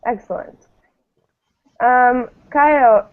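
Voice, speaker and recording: Slow, patient woman teaching over a call. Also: fairly high pitch, no echo. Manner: patient, explaining slowly with frequent ums. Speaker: English teacher. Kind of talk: online class instruction. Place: online video class. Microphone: video call. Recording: tinny phone-like call audio, dry.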